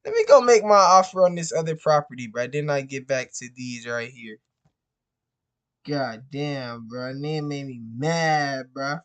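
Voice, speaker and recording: Male real estate wholesaler, slow-paced casual vlog delivery, profane and repetitive. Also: mid-range voice, expressive, fairly bright tone, clear, resonant tone. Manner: frustrated, repetitive, peppers every phrase with "bro". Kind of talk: casual profane venting to camera.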